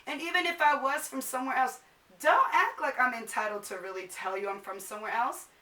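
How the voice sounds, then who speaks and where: Bright-voiced young woman in an echoey room. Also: sits high, fairly quick, distant mic. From New Jersey, USA. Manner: animated, exasperated, acts out other people's questions. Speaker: vlogger. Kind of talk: casual vlog rant. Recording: echoey room, voice a little off-mic.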